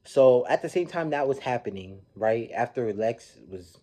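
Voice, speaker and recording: A man casually recapping a reality show episode, telling it in an animated, slangy way and acting out the people he quotes. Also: mid-range voice, moderate pace.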